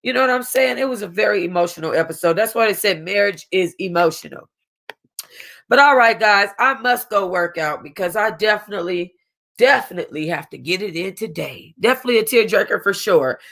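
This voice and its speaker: A woman's voice: mid-range voice, animated, fairly quick, creaky, fairly bright tone. A woman host casually reviewing a reality TV episode, emotional and close to tears, rambling with restarts and slang. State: close to crying. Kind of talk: casual chat.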